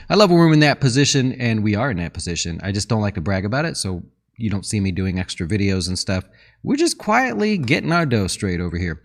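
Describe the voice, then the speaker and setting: Chatty man with a lively voice. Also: medium pitch. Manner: chatty, rambling, with many fillers and asides. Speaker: financial advisor hosting a market show. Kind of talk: casual market commentary.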